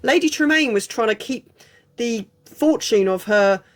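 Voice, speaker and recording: A woman's voice: on the high side, expressive, unhurried. A woman, hosting a casual, opinionated chat. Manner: chatty, opinionated, frank. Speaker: host.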